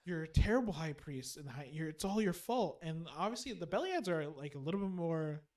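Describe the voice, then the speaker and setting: A man co-hosting a casual podcast, excitedly retelling a story and acting out the characters' lines. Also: a little high, fairly quick. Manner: animated retelling, acting out quotes. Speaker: podcast co-host. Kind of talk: casual chat.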